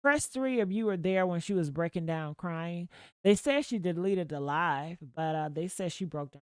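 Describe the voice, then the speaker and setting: A woman hosting a livestream, chatting casually with her viewers in a profane, gossipy way with sudden loud outbursts. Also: on the low side, normal speed, clean tone, dry recording, clean studio sound. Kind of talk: casual gossip commentary to a live chat.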